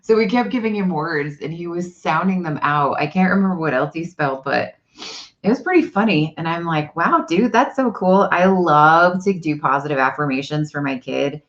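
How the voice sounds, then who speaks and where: Animated low-voiced woman telling stories. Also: moderate pace, highs cut off. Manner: animated storyteller. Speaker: vlog host. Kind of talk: casual live-stream chat. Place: home, indoors.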